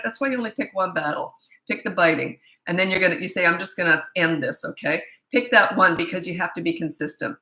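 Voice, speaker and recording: Blunt, bright-voiced middle-aged woman. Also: lowish voice, echoey room, low-quality recording. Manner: blunt, incredulous, mocking, laughs often. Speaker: parenting coach answering viewer questions. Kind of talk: live Q&A, casual and blunt.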